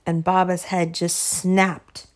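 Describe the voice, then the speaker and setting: A woman's voice: fairly low pitch, flat delivery, slow pace. A woman telling a personal story in a casual monologue, emphatic and heavy on profanity, laughing often.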